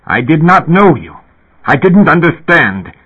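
A man with a husky voice playing a stern old man who turns forceful and agitated. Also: mid-range voice, big pitch swings, unhurried. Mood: stern, furious. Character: fierce old man, stern and quick to fury. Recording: tinny phone-like sound.

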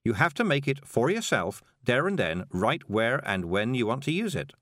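A gentle, chatty witch lady, as a man puts her on in a storybook, cheerful and rambling with a lilting, lively voice. The recording is dry and close. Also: mid-range voice, normal speed, dry recording, voice pushed up. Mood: soothing. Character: kindly middle-aged female witch, gentle and chatty.

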